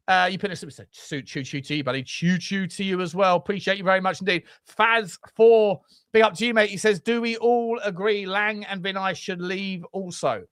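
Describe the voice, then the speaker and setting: A man co-hosting a casual football podcast, chatty and laughing often as he reads out viewer shout-outs. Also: high-pitched, clear, resonant tone, no room sound, studio quality. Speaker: co-host.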